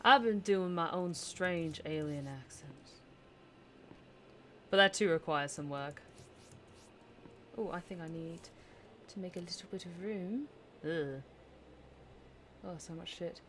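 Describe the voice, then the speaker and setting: Excitable woman streamer chatting with viewers. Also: fairly low pitch, slow pace, pauses often, slight background noise. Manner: excitable, chatty with viewers, mutters while managing items. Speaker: game streamer. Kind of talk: casual let's-play commentary.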